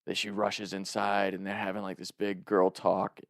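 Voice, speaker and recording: A man telling a funny personal story in a casual, animated way, laughing often and swearing freely. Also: on the low side, normal speed, gravelly, dry recording, clean studio sound.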